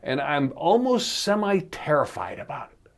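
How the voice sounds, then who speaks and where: A man co-hosting a podcast in casual chat, a comedian who laughs often and slips into loud put-on voices. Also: a little high, sing-song, normal speed.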